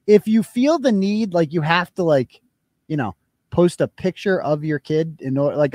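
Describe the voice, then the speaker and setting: A man's voice: sits high, very animated, normal speed, darkish tone, no room sound. Blunt, sarcastic man hosting a live show. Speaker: host. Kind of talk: livestream commentary.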